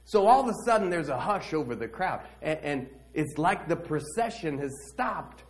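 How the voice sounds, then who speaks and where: A brash, eager blind beggar spins his tale in slangy, animated street talk, as a man acts him out. The voice sits high and swoops up and down with energy. It plays as a dramatic monologue within a church service. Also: normal speed. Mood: excited. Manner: slangy, animated first-person storytelling.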